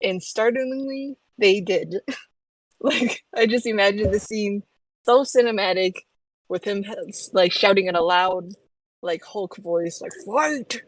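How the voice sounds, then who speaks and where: A woman's voice: medium pitch, steady tone, a little slow, dry recording, rough recording. A woman co-hosting a book podcast, talking casually with lots of "like" and "you know" and frequent laughter. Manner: chatty, many "like"s and "you know"s, laughs often. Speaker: podcast co-host.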